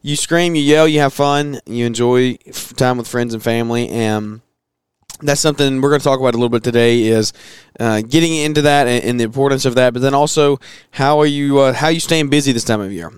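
A man in his thirties hosting a podcast, talking casually with a hoarse voice and plenty of fillers and restarts. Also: medium pitch, brisk, no echo. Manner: chatty, rambling with fillers and restarts. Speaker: podcast host.

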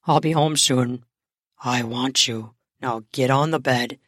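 Seductive man playing Santa, put on by a woman: low, steady, smooth and firm, recorded dry. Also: slow, no room sound, heavily acted. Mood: seductive, commanding.

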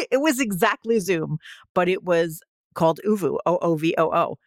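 A woman co-hosting a podcast in casual chat, chatty and laughing often, with animated asides. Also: on the low side, normal speed, dry recording, studio quality. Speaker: podcast co-host.

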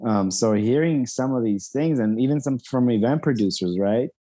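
A man's voice: mid-range voice, lively intonation, moderate pace, dark tone. A man co-hosting a casual podcast, talking in a rambling way full of fillers. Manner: rambling, lots of fillers and "you know". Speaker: podcast co-host. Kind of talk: casual chat.

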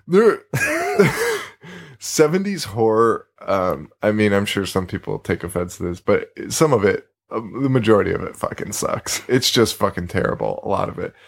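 A man's voice: on the low side, huge pitch swings, moderate pace, vocal fry, breathy edge. A young man co-hosting a casual horror film podcast, laughing often and trailing off mid-sentence. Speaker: podcast co-host. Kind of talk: casual chat about horror films.

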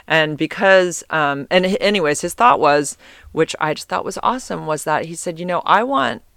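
A man speaking in a casual personal monologue, rambling through fillers and restarts and getting heated, with swearing for emphasis. His voice sits a little high and sounds smooth and clean. The recording is dry and close, with no room echo. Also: a bit bright.

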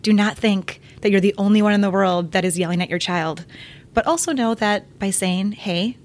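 A chatty, emotionally expressive woman co-hosting a casual podcast about motherhood. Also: mid-range voice, normal speed. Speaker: podcast co-host.

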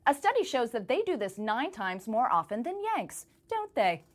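An American woman correspondent reads a comic commentary in a put-on English accent, teasing and mock-posh. Her voice sits on the high side for a woman and swings widely in pitch, bouncing from line to line. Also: sing-song, moderate pace. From United States. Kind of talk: humorous scripted commentary.

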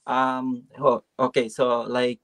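A man's voice: medium pitch, level tone, slow pace, fairly bright tone, slight background noise. A man from the Philippines, a nurse chatting as a guest about his experiences, often laughing. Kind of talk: casual conversation sharing experiences.

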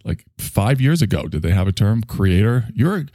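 Male stream host, low voice that swings up and down, rambling, self-reflective, profane. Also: animated, moderate pace, mellow, no echo, clean studio sound. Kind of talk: casual monologue to an online audience.

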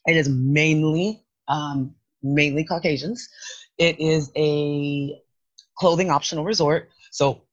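A woman co-hosting a podcast, chatting casually and telling stories in an emphatic, animated way. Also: sits low, slow pace, lo-fi sound. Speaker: podcast co-host. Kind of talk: casual chat.

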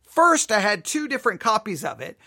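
A man's voice: high-pitched, sing-song, moderate pace, bright, forceful tone, dry recording. A man hosting a live podcast from his studio, telling a self-deprecating story in a chatty way, often asking "right?". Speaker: podcast host. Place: home studio.

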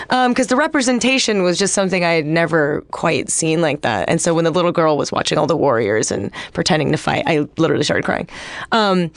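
A woman's voice: lowish voice, a little fast, no room sound. A young woman actress telling stories in a casual chat, with lots of laughs and fillers. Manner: animated storytelling, laughs often, many fillers. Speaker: actress and guest.

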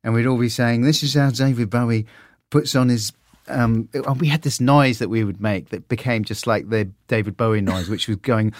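A middle-aged man, a guest in an interview, telling stories in an animated, self-deprecating way. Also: normal speed, no room sound, clean studio sound. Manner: animated, self-deprecating, lively swings in pitch. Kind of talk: relaxed anecdotal storytelling.

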